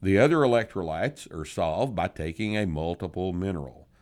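Podcast host, male, very low voice, blunt and profane, sardonic advice-giver. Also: lively intonation, moderate pace, darkish tone. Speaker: podcast host answering listener questions.

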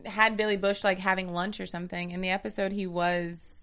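A woman's voice: medium pitch, little pitch movement, brisk, a bit bright. A woman in a casual group chat, laying out her reasoning in explanations.

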